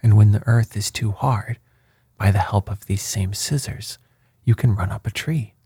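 A man voicing a young daughter in a storybook tale, speaking softly and half-whispered. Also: on the low side, moderate pace, husky, no room sound, clean studio sound. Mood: coaxing. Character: gentle young daughter offering gifts.

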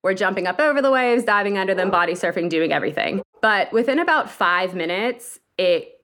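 A woman's voice: mid-range voice, fairly quick. A young adult woman from Pennsylvania, calling in to tell a personal story in a casual, vivid way. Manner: vivid, lively retelling with quoted inner thoughts. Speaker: caller telling a story.

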